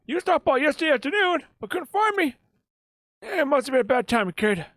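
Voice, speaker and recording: A man voicing a grumbling old man who waits in a cafe, with a gruff, impatient manner. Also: very high voice, very animated, brisk, fairly bright tone, no echo, clean studio sound, voice pushed up, full character voice.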